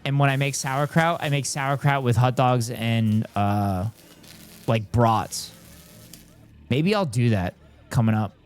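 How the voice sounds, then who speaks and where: Male streamer in his thirties, mid-pitched, loose and chatty, joking at his own expense. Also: slow pace. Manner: chatty, reads chat aloud, self-deprecating. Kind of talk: casual live-stream chat.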